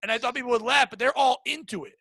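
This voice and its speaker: A man's voice: very high-pitched, quick pace, creaky, husky, dry recording. A man hosting a podcast, telling crude, rambling stories in casual chat. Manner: crude, rambling animated storyteller. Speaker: podcast host.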